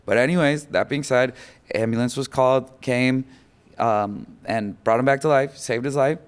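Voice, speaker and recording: Guy on a podcast telling a heavy story, smooth clear voice, lots of you knows, acts out the quotes. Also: mid-range voice, normal speed. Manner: animated, acts out quotes, many fillers. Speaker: podcast guest. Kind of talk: emotional personal storytelling.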